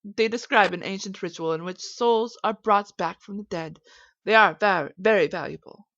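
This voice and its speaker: A cold, haughty rich woman, as a woman reads her lines, speaking in a curt, dismissive way. The sound is dry and dull, like a lo-fi game recording. Her pitch stays mid-range. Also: moderate pace, fairly bright tone, no room sound, natural voice. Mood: cool, dismissive.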